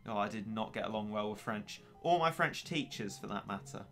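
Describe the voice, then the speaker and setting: Late-teen male streamer, wry and chatty, sharp bright voice. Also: lowish voice, lively intonation, brisk, faint music behind. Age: late teens. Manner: chatty, wry and self-mocking. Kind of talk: casual gaming stream chat.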